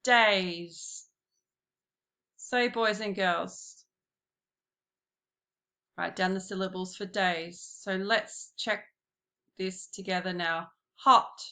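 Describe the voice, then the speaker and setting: A woman giving a slow, patient classroom lesson, talking straight to her pupils. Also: mid-range voice, sharp tone. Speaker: primary school teacher.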